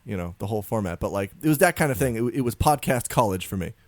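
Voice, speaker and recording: A man co-hosting a podcast in casual, jokey chat, laughing often and reading quotes aloud in lively voices. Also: on the low side, fast, no room sound. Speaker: podcast co-host.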